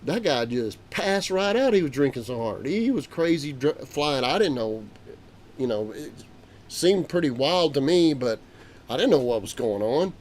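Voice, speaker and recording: A man voicing his older trucker grandfather, telling a wild story loudly and excitedly. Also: fairly high pitch, moderate pace. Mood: storytelling. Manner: loud, excited retelling.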